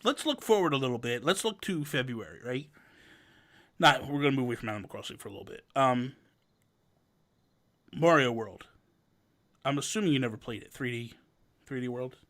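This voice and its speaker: A man's voice: medium pitch, brisk, pauses often. A man in his thirties hosting a podcast, chatting casually and acting out quotes in his stories. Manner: animated storyteller, acts out quotes. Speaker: podcast host. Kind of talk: casual chat.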